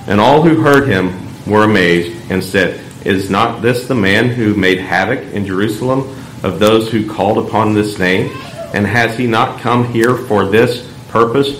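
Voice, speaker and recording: Low-voiced man reading scripture, echoey. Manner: measured, solemn reading voice. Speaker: lector. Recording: echoey church room, faint background hum.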